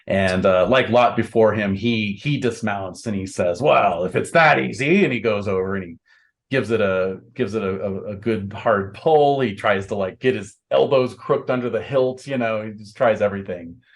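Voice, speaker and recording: A man with a very low voice runs a tabletop game, painting each scene in loose, halting narration. He keeps stopping on "um" and "you know" as he builds the picture for his players. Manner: descriptive, halting with fillers, acts out voices. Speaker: game master.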